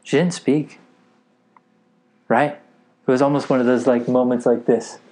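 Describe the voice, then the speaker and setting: An eager man preaching a sermon to a gathered group. He keeps pausing to ask whether his listeners are with him. His voice sits at an ordinary male pitch. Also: steady tone, darkish tone. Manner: eager, keeps checking in with the audience.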